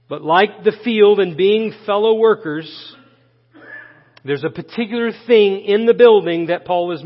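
A pastor from Florida preaching a sermon, emphatic and repetitive, asking his listeners questions as he goes. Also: fairly high pitch. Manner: emphatic preaching, repeating key phrases and asking the room questions. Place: church sanctuary. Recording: dull church recording with long hall reverb.

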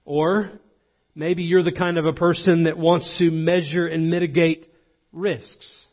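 A man's voice: a little high, flat delivery, measured pace, big-room sound, dull audio. A man preaching a sermon as pastor, earnest and driving his points home by repeating them. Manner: earnest, emphatic repetition.

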